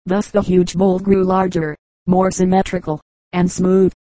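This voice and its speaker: A woman narrates old folk tales in a calm, measured storytelling voice. Her voice sits low and stays level, with a mellow, unhurried warmth. The recording is close and dry, with no room sound. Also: no room sound, low-quality recording. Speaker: audiobook reader.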